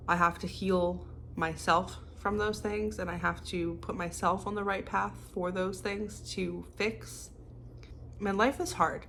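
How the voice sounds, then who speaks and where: A woman's voice: on the low side, a bit bright, a little hiss or hum. A young woman talking casually in a home vlog, rambling with lots of "like" and restarts. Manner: rambling, many fillers and restarts. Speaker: vlogger. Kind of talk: casual confessional vlog talk. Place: home kitchen.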